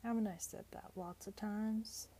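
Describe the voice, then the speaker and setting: Cheery old pa, woman reader doing him, mellow dark voice. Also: mid-range voice, fairly even intonation, unhurried, a little hiss or hum, natural voice. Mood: hearty. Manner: hearty, agreeable. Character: hearty older working-class London father.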